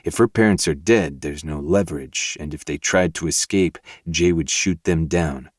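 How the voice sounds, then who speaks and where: A man, the podcast host, narrating a dark novel in first person with steady, measured delivery. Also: extremely low pitch, no room sound, studio quality.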